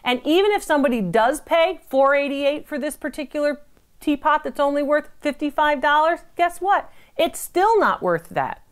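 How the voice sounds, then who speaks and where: Middle-aged woman from the US, antiques appraiser, fairly high voice, emphatic and chatty, wanders into stories. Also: animated, normal speed. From United States. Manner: emphatic, chatty, digressive with anecdotes. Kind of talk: appraisal tips to camera.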